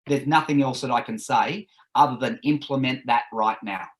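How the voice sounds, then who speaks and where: A man speaking as an energy coach on a podcast, giving blunt, forceful advice and swearing now and then. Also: mid-range voice, normal speed.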